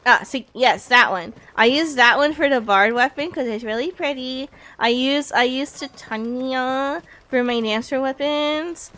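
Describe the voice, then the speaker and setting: A woman's voice: high voice, unhurried, few pauses, pushed and bright. A young woman streaming a video game, chatting casually and reading in-game text aloud, often correcting herself and laughing.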